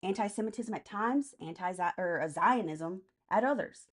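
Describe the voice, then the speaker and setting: A woman's voice: medium pitch, lively intonation, moderate pace. A woman hosting a casual political live stream, answering chat comments by name in a blunt, profane way.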